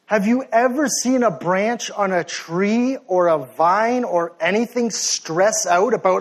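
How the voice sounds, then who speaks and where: A young man preaching a sermon with passion, swinging between forceful exhortation and sheepish, joking asides. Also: high-pitched, measured pace, few pauses. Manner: passionate, rising to near-shouting then softening to sheepish asides.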